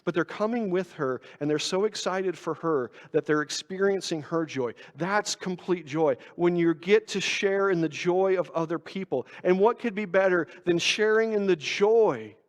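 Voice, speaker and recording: Sitting high in pitch, this man's voice moves at a moderate pace with few pauses. He's a pastor preaching in a chatty, self-deprecating way, asking rhetorical questions, recorded with long reverb in the church sanctuary.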